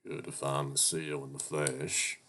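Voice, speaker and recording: A man voicing a friendly, fatherly male wolf who runs an office, in a relaxed, teasing way. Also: extremely low pitch, normal speed, voice pushed down, full character voice. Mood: genial. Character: friendly male wolf office boss, middle-aged, genial. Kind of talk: voice acting a visual novel.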